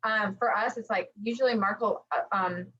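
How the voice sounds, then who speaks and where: A woman co-hosting a running podcast in casual chat, lively and acting out quotes with lots of fillers. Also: medium pitch, moderate pace, slightly rough. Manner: animated, acts out quotes, many fillers. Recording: dull lo-fi audio.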